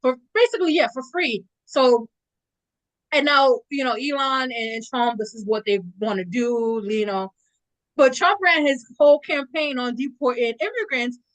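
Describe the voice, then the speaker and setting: A woman's voice: high voice, normal speed, rough recording. A woman hosting a podcast, giving blunt, outspoken takes in casual chat. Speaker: podcast host.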